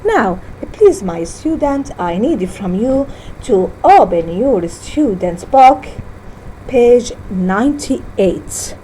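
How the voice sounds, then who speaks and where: Slow, animated woman teaching syllables. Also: fairly high pitch, slight background noise, rough recording. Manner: slow, deliberate teaching with word-by-word repetition; self-correcting, halting phrasing. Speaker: English teacher. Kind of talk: classroom lesson on syllables.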